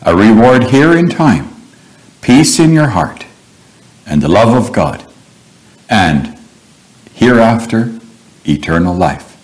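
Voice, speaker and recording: A man preaching in a fairly low voice, taking his time over every phrase. His delivery is earnest and measured as he retells Bible stories in a sermon. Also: big pitch swings, darkish tone, rough recording.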